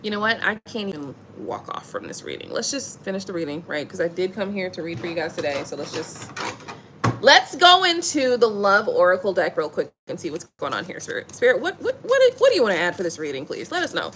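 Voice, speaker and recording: A woman giving a casual, playful tarot reading, talking in an animated way full of slang and laughter. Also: fairly low pitch, fast talker, a little hiss or hum. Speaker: tarot reader.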